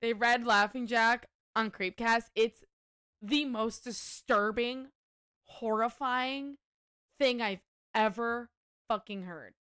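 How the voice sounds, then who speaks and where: A woman hosting a livestream, chatting casually and telling stories in an animated, profane way. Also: fairly high pitch, slow, smooth, no room sound, studio quality. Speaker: livestream host. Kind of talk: casual chat while gaming.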